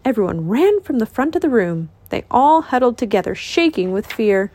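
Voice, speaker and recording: A woman reading a children's picture book aloud as host of a reading channel, in an expressive, lilting voice. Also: fairly high pitch, moderate pace.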